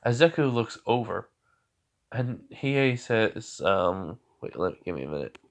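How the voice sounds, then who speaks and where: A man's voice: fairly low pitch, very animated, a little slow. A young man improvising a fan story, rambling with many fillers and self-corrections.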